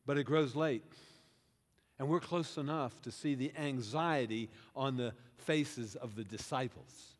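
In a reverberant church sanctuary, a male pastor with a medium-pitched voice delivers a sermon at a measured pace. His storytelling is animated as he recounts scripture in the first-person plural, placing the congregation inside the tale and addressing questions to them.

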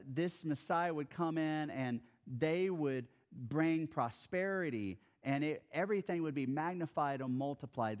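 A man preaching a sermon as a pastor, telling the story in a casual, conversational way and acting out the scenes. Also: fairly high pitch.

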